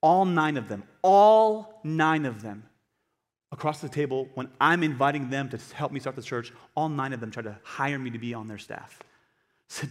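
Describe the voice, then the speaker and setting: A man's voice: medium pitch, normal speed. Man preaching in a reverberant hall. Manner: animated preaching, swings from quiet to loud. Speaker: pastor. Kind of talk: sermon. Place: church hall.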